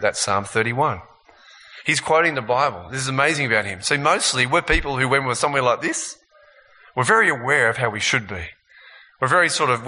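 A man preaching a sermon, lively and animated, acting out voices as he makes his points. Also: medium pitch, big-room sound. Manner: animated, acts out voices of tempter and accuser.

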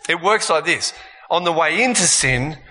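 A man preaching in an animated, lively way, his voice slightly high and bright. He acts out the voices in his sermon. The sound carries a long reverb from a large hall. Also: normal speed, slight background noise.

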